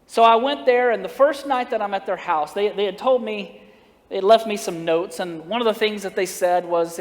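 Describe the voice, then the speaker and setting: Man, high voice, folksy humorous sermon storytelling, long church reverb. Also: moderate pace. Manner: folksy, humorous, acts out dialogue, laughs at own jokes. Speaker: preacher. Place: church sanctuary.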